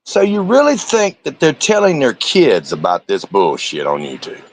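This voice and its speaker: A man's voice: medium pitch, wildly swooping pitch, normal speed, a little hiss or hum. A man, a streamer giving angry, profane reaction commentary and confronting the people in the clips.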